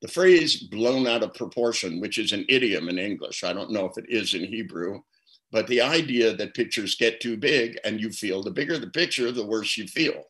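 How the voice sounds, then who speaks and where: A man's voice: fairly low pitch, expressive, normal speed, fairly bright tone, rough recording. An older man speaking as a guest therapist, telling reflective stories in an interview and often repeating words as he starts a thought. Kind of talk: storytelling interview answer.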